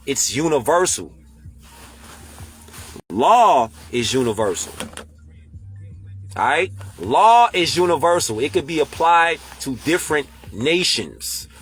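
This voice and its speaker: Animated, preachy man with slang. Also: on the high side, slow, long pauses, soft background music. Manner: emphatic, rhetorical questioning, slangy and profane. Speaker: online commentator. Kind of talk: casual monologue.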